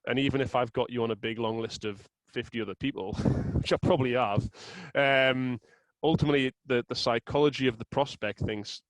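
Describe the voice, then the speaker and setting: A sales software co-founder, appearing as a guest in a casual interview chat, explains things in a measured way with a medium-pitched voice, using fillers and restarts. The recording has no echo but is low in quality.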